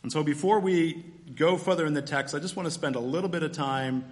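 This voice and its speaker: Guy preaching, talks it through slow and easy like a bible study, voice a bit on the high side. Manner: conversational teaching, explains scripture step by step. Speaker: pastor. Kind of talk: sermon.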